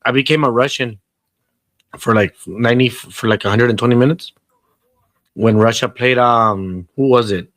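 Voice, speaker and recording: A man's voice: mid-range voice, normal speed, long pauses, a bit bright, no room sound. A man co-hosting a podcast in casual chat, telling rambling, profane stories and slipping into Spanish. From Southern California. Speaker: podcast co-host.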